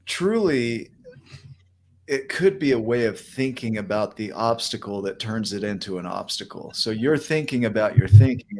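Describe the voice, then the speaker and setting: A man's voice: on the low side, a little hiss or hum. A man hosting a podcast, talking things through in a reflective, coaching way. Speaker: podcast host. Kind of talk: conversational interview.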